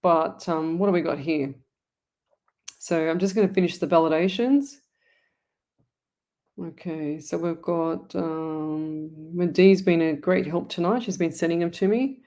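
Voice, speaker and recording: A woman's voice: on the low side, unhurried, dark tone. An Australian woman hosting a live psychic stream, chatting to viewers in a rambling, affectionate way. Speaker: psychic medium host. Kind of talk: casual live-stream chat.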